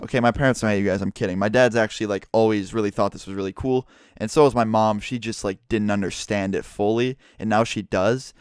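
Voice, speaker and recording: Young man, casual rambling storyteller, lots of swearing, smooth resonant voice, dry close sound. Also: on the low side, fairly even intonation, fast, no room sound. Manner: profane, rambling, heavy use of "like". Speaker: YouTuber.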